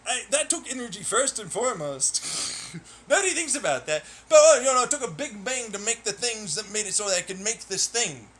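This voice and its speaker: Talking to himself on a solo stream, a young man with a high-pitched, sing-song, fairly quick and slightly bright voice rambles through his game. He swears, laughs and vents his irritation, with slight background noise behind him.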